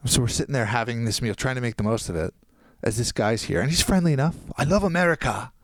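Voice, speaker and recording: A man, a podcast guest, telling a long anecdote in casual chat and quoting people in quick voices. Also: mid-range voice, lively intonation, no room sound, clean studio sound.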